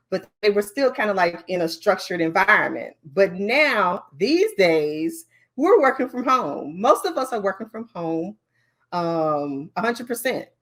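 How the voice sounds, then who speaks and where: A woman leading a conference training session on learning design, talking in a lively, chatty way with many fillers and asides. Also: fairly low pitch.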